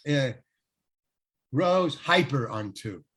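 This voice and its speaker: An older man, a guest actor, telling a lively anecdote in an interview, acting out the quotes and laughing often. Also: mid-range voice, drawn-out words, husky. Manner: animated storyteller, acts out quotes, laughs often. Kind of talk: storytelling in an interview.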